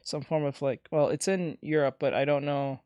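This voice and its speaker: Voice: medium pitch, steady tone, moderate pace, a little mellow, smooth, no echo. A streamer chatting casually while reacting to clips and reading chat, rambling and often laughing.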